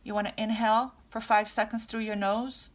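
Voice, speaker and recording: A woman's voice: fairly high pitch, level tone, fairly quick. A woman tarot reader speaking casually to her viewers, rambling with many restarts and fillers.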